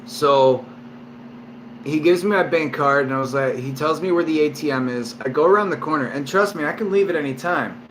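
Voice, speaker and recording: A man a little drunk, talking to camera at home in a loose, meandering way. His voice sits somewhat high for a man, and he swears constantly as he tells a story. A faint hum of air conditioning runs underneath. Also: a little fast, a bit bright. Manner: rambling and heavily profane, lots of fillers. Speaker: vlogger. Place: at home, indoors.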